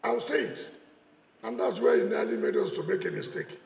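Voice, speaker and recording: The long reverb of a large, echoey church hall carries a man's high-pitched, gravelly, darkish voice at a moderate pace. Speaking with a Nigerian English accent, he delivers a combative political speech, mocking his opponents and hammering lines home through repetition.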